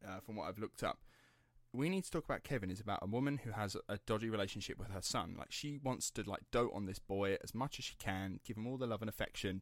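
A young man with a low, dry-sounding voice tells a true-crime story in a loose, chatty way. He rambles, drops in the odd swear word and laughs easily. It sounds like two friends chatting on a podcast. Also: a bit bright, no echo. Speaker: podcast host telling the story.

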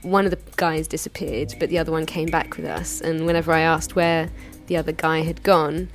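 A woman's voice: low voice, steady tone, a little fast, faint music behind. A woman in her thirties telling a personal anecdote in a candid, chatty way. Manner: candid, chatty retelling with frequent hedges. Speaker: storyteller.

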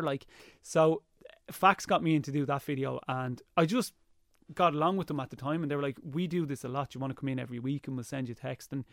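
A young Irish man chatting as an interview guest, telling lively stories and slipping into impressions. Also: mid-range voice, fast talker, dry recording, clean studio sound. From Ireland. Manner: lively storyteller, slips into impressions. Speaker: guest, YouTuber. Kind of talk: casual interview chat.

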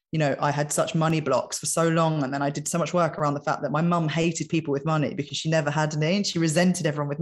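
A woman hosting a podcast conversation, speaking openly and personally. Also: deep voice. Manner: open, personal, agreeing.

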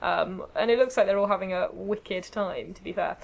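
A young woman from England, co-hosting a podcast in lively, rambling casual chat. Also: medium pitch, moderate pace, vocal fry. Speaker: podcast co-host.

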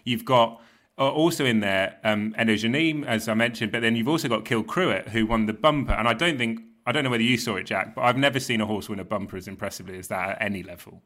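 A man's voice: lowish voice, fast talker, a bit bright. A man hosting a casual sports podcast, chatty, laughing often as he steers the talk. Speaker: podcast host.

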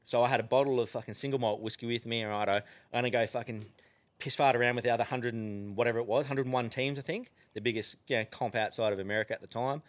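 An Australian man in casual conversation, telling stories with plenty of swearing. He talks quickly and keeps the story rolling. His pitch sits in an ordinary middle range. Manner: profane, animated yarn-spinning with frequent swearing. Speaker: podcast guest.

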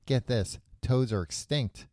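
A man's voice: medium pitch, a little slow, warm tone, no echo, studio quality. A man hosting a podcast, casually retelling a book's plot with loose, offhand quoted voices. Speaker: podcast host. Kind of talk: casual book discussion.

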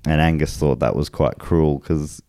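With an extremely low, steady, warm voice at normal speed, this Australian host runs a casual podcast. He laughs easily as he reads out messages from listeners. The audio is dry, clean studio sound.

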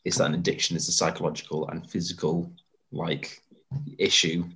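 A man's voice: low-pitched, little pitch movement, a little fast, a bit bright, slight background noise. A man in casual podcast chat, reading out definitions and facts he looked up. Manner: reads out looked-up definitions and facts, laughs along. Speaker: podcast co-host.

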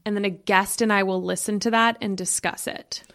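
A woman's voice: mid-range voice, fairly even intonation, fairly quick, fairly bright tone. A woman guest on a podcast, explaining her ideas in an earnest, emphatic way. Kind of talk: casual chat.

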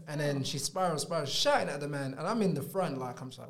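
A man's voice: a little high, fast talker, gravelly, hardly any pauses. A young man, hosting a podcast and telling stories in a casual, slangy way. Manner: animated storyteller, slangy. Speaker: podcast host. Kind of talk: casual chat.

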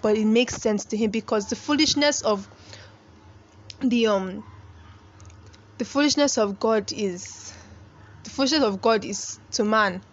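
A woman's voice: fairly high pitch, unhurried, long pauses, dull audio. Earnest woman pleading like a preacher. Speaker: podcast host. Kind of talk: faith podcast monologue.

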